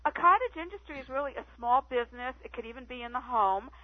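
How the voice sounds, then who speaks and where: A woman guest telling stories on a phone-in radio interview, chatty and animated. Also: high voice, fast talker, dry recording. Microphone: telephone. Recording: tinny phone line, dry.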